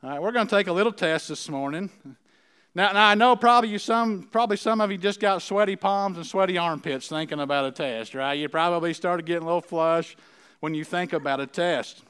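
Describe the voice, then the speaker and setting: Middle-aged man preacher, folksy and chatty, smooth, slightly high voice. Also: fairly quick, a bit bright. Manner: conversational, folksy, checks in with the audience often. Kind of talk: sermon.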